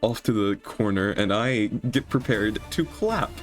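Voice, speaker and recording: A man playing a tabletop game, talking in a playful, animated way. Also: on the low side, a little slow, soft background music. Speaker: player. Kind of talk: tabletop role-play.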